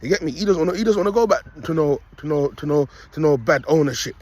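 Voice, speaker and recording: A young man talks in a rambling, preachy monologue. His voice sits fairly high and sounds husky. He keeps circling back with slang tags. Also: animated, quick pace, a little mellow. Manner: rambling, street slang, repeats "you get me". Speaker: self-styled prophet vlogger.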